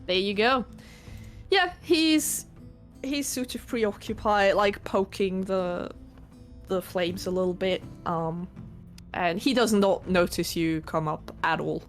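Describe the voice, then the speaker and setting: A woman narrating a tabletop game as game master, unhurried and hesitant with many fillers. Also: medium pitch, soft background music.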